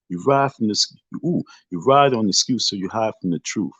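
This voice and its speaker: A man's voice: lowish voice, expressive, fairly quick, few pauses, fairly bright tone, no room sound. Emphatic, preachy man ranting on a livestream. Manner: emphatic, preachy, repeats himself, profane. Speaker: livestream host. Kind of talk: casual livestream rant. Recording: dull lo-fi dry sound.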